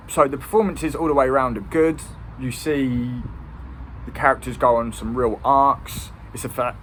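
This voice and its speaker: A man's voice: medium pitch, fairly bright tone, slight background noise. A man giving a casual, rambling film review. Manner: rambling, with many ums and restarts.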